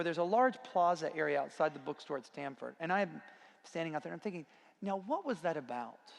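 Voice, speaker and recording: A man giving a conference talk, telling a self-deprecating personal anecdote in a relaxed storytelling manner. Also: on the high side, fairly quick, gravelly. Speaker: conference speaker. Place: conference hall. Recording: long reverb of a large hall.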